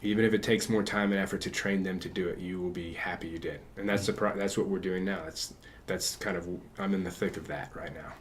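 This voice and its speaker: A man's voice: low voice, steady tone, fairly quick, a little hiss or hum. A man guesting on a casual podcast interview, talking in a rambling way with many restarts. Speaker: guest physical therapist. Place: in person with hosts.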